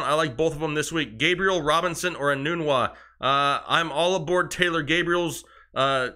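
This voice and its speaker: A young man with a bright, forceful, slightly raised voice gives one quick verdict after another as a fantasy football co-host. He talks in short, decisive bursts on a casual live stream. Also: fairly high pitch. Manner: quick verdicts, breathless run of picks. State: out of breath. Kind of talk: rapid-fire lineup advice on a live stream.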